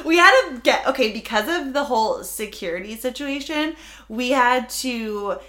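Excitable woman ranting in casual chat. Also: on the high side, normal speed. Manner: excitable, emphatic, exaggerates.

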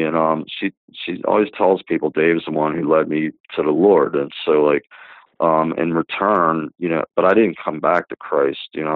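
A man's voice: rumbling low, no echo. A man in his fifties giving a rambling spoken testimony as a guest, with many fillers and restarts. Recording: tinny phone-line sound, dry.

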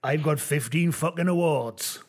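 A man playing a rude, boastful man who shouts insults and swears about his awards. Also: a little high, measured pace. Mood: scornful.

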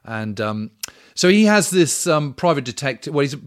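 A man's voice: medium pitch, big pitch swings, normal speed. An English man co-hosting a history podcast, enthusiastic and full of "you know" and "kind of" hedges. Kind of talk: casual chat.

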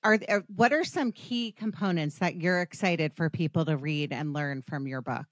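A woman hosts a podcast interview, chatting casually in an earnest, gushing, rambling style with many restarts, and she gets emotional. Her voice sits low at a moderate pace, recorded cleanly in a studio with no echo.

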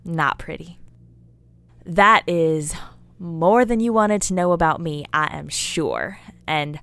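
Woman voicing a folksy, scolding rambler; lively low voice, dry close sound. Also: no echo, heavily acted. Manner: chatty and scolding, with folksy asides. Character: folksy, rambling woman lecturing a listener about memes. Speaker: character in an audio drama monologue. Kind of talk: scripted character monologue.

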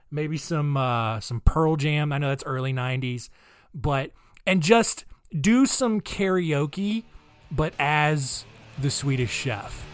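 A man hosts a podcast in a loose, rambling way, cracking jokes and poking fun at himself as he goes. His voice is medium-pitched, and the recording is studio quality with no echo.

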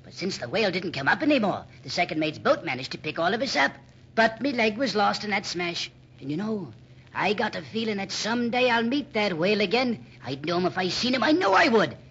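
A man's voice: sits high, big pitch swings, brisk, a bit bright, slight background noise, exaggerated voice. An actor playing an old one-legged whaling sailor who talks in salty seaman's slang in a radio drama, from a dull old radio recording. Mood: spinning yarns. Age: older. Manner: salty sailor's talk, dropped grammar.

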